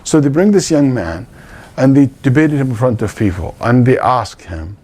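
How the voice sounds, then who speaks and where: A man's voice: mid-range voice, expressive, normal speed, darkish tone, breathy edge. A middle-aged man giving a religious lecture as a teacher, telling stories with animation and acting out the quotes.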